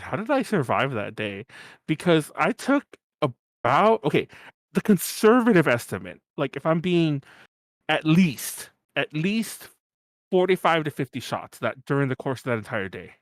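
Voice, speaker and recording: A young man co-hosting a podcast, telling a rowdy party story in a casual, animated way, laughing often and swearing as he acts out his own drunken rant. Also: on the high side, no echo, studio quality. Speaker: podcast co-host.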